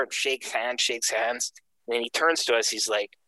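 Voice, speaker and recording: Canadian guy spinning a long story, bright voice, acts out everyone he quotes, dry close mic. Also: medium pitch, steady tone, unhurried, no echo, low-quality recording. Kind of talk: casual storytelling.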